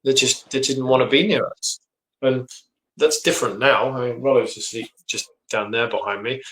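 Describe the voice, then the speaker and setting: A man, a dog trainer, explaining his methods in an earnest, steady way from his home office. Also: mid-range voice, moderate pace, poor audio. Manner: earnest, explanatory, lots of agreeing 'yep'. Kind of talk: casual conversation.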